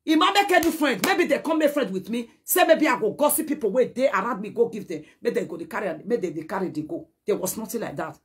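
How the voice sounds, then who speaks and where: With slight background noise behind her, a Nigerian woman with a medium-pitched voice speaks heatedly to the camera as a social media personality. She scolds, then pleads, shifting back and forth between Pidgin and a local language.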